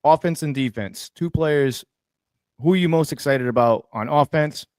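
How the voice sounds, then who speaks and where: A man co-hosting a sports talk show, telling stories in a folksy, animated way. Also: fairly high pitch, moderate pace, smooth, dry recording, studio quality. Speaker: co-host.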